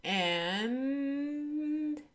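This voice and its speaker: A woman from Canada hosting an esports stream, giving relaxed, chatty game commentary and laughing often. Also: high voice, extremely slow. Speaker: esports caster and stream host. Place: home streaming setup. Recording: steady background noise.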